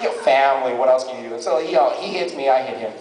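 A man doing live comic storytelling as a stand-up comedian in a large convention hall, with an animated delivery. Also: mid-range voice, fast talker, a crowd in the background. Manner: animated, jumps into character voices. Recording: echoey hall from far off.

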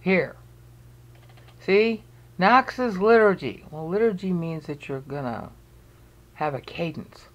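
Over lo-fi sound, a medium-pitched, animated voice speaks slowly with long pauses. The video presenter is explaining research through a screen-recorded walkthrough, thinking aloud during on-screen searches and making pointed, emphatic remarks.

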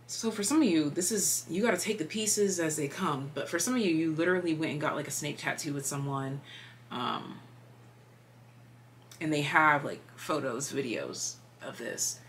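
Low-voiced chatty woman tarot reader. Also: normal speed, a little hiss or hum. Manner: chatty, meandering, filler-heavy, drops into whispers. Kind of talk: casual tarot reading.

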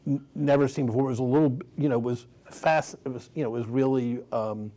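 Halting older male moderator. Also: mid-range voice, steady tone, warm tone. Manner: rambling, halting questions with many restarts. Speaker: panel moderator. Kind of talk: onstage Q&A conversation. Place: theater stage before an audience.

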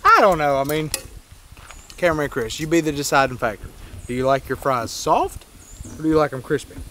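A man hosting an outdoor fishing and cooking vlog near a pier, talking in an excitable, joking, folksy way. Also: a little high, fairly quick, a little hiss or hum. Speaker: fishing vlogger, host.

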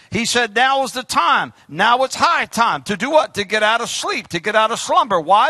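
A man preaching a fiery, exhorting sermon as pastor, swinging between shouts and quiet asides. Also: very high voice, creaky, no echo, studio quality.

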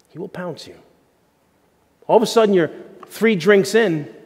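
A man preaching a sermon as pastor, animated and jokey, with sudden shouts and hushed asides. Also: medium pitch, big-room sound. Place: church sanctuary.

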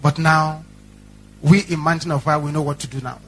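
A male pastor preaches with dramatic repetition and heavy emphasis. His voice sits high and sounds bright and forceful. A faint noise runs beneath his speech. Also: steady tone, moderate pace. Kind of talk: sermon storytelling.

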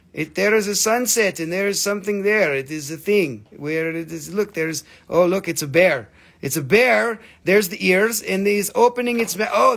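A man runs a live sales stream for rocks and crystals, full of jokes, swearing and banter with viewers. His voice sits high for a man and has a gravelly, fried edge. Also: a bit bright. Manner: playful, joking, swearing, rapid banter.

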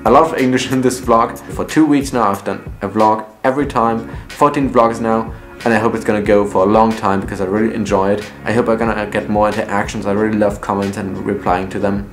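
A young man speaks in a low, earnest voice in a casual personal vlog. He sounds reflective and often restarts his sentences. Faint laid-back guitar music plays behind him. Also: little pitch movement, a little fast. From Germany, raised partly in the US. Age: young adult. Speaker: vlogger.

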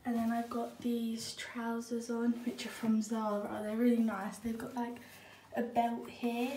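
A woman's voice: a little high, mellow, slight background noise, poor audio. A teenage girl from England chatting casually in a vlog, filling her talk with "like". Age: teens. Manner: chatty, lots of "like" fillers. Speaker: vlogger. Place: at home in front of a mirror.

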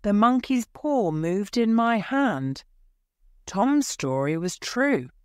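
A woman's voice: medium pitch, expressive, slow pace, a little mellow, clear, resonant tone, no room sound, clean studio sound, voice pushed up. A woman voicing a stubborn old husband in a storybook reading for learners, with a plain, careful reading voice. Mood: worried.

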